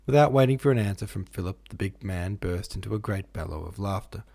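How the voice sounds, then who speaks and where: A man reading a classic novel aloud as a podcast audiobook narrator, in a measured, steady way. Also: fairly low pitch, vocal fry.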